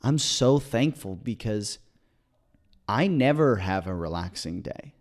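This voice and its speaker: A man co-hosting a podcast, telling a long story in an excited, rambling way, with many restarts. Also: on the low side, slow. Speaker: podcast co-host. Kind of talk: casual storytelling chat.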